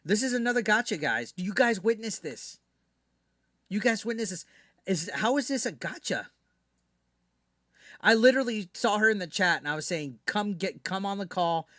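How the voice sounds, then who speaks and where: A high-pitched man with a bright, forceful voice rants to his live-stream chat. He is brash, profane and mocking, and sounds dry and close on a desk mic. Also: expressive, normal speed, pauses often, dry recording.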